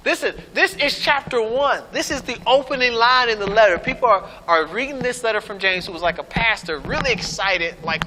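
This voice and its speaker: A man with a high voice delivers a relaxed, conversational sermon, tossing in sarcastic jokes and frequent checks with the crowd. His voice rings out with a long reverb in a large hall, over a steady hiss of background noise. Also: fairly quick, hardly any pauses. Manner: conversational preaching, keeps asking "right?"; playful, sarcastic asides. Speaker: preacher.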